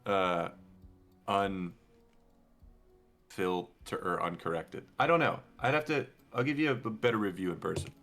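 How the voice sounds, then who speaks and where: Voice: sits low, normal speed, long pauses, a bit bright, faint music behind. A tabletop player who teases in a dry, mock-exasperated manner. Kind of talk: casual tabletop role-play.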